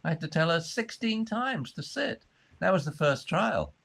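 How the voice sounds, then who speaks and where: Animated man explaining dog training. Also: normal speed, gravelly, husky. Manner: acts out high fussy voices and low calm commands.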